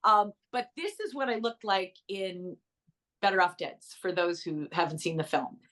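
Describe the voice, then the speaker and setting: Chatty middle-aged actress. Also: female voice, on the low side, fairly bright tone. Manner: bubbly, storytelling with quick asides and laughs. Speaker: actress and author. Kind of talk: casual interview chat.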